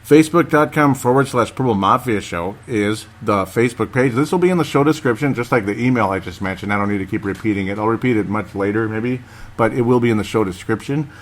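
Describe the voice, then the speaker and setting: A man's voice: fairly low pitch, quick pace. A man hosting a casual solo podcast, rambling and chatty, laughing often and talking straight to his listeners. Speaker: podcast host.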